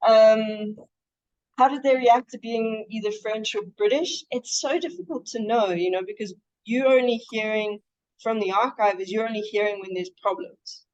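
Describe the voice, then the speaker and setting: A woman's voice: a little high, a little slow, a little mellow. A woman historian answering questions at a seminar in a chatty way, with many restarts and some laughter. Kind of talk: academic seminar Q&A. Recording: dull lo-fi sound.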